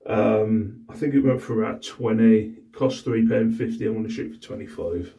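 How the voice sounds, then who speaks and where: A man's voice: on the low side, fairly even intonation, normal speed, mellow, far from the mic. A middle-aged man, casually rambling to camera about his day and his resale finds, exasperated and swearing freely. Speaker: reseller vlogger. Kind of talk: casual vlog chat.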